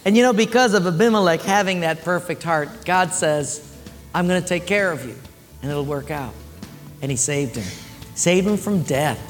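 A pastor preaching a sermon, telling a story with lively acted-out voices and frequent laughs. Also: male voice, a little high, normal speed, soft background music. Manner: animated storyteller, acts out voices, laughs often. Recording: faint noise in a hall with long reverb.

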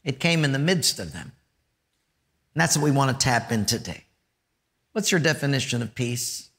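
A man preaching a sermon, joking with the congregation and dropping to a hush for emphasis. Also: medium pitch, normal speed. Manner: animated, joking, dramatic drops to a hush. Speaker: pastor.

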